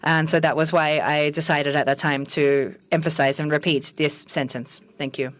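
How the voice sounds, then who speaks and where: A woman interpreting consecutively at a press conference, careful and halting, correcting herself as she goes. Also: deep voice, fairly even intonation.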